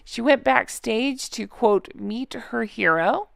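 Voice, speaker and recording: A woman's voice: fairly high pitch, slow, creaky, dry recording, clean studio sound. A woman vlogger giving casual, sarcastic reaction commentary on a book, blunt and swearing, with laughing asides.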